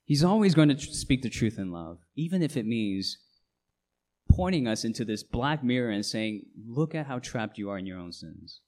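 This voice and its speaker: A man's voice: mid-range voice, sing-song, moderate pace, a little mellow. A middle-aged man, a pastor, preaching a sermon with emphatic delivery and frequent rhetorical questions.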